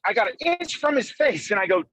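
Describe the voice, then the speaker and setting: A man on a phone call from his car, telling a fast, profane, animated story in a casual chat. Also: sits high, slightly rough. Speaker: guest arm wrestler. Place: in a moving car.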